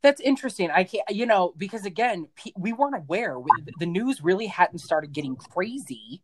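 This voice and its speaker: A host in casual interview chat who is expressive, gushes and laughs often. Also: medium pitch, moderate pace, a little hiss or hum.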